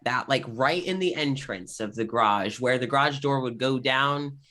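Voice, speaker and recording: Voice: mid-range voice, moderate pace, bright, forceful tone. A game master narrating a tabletop game scene in a loose, rambling way with many fillers. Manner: rambling, filler-heavy description.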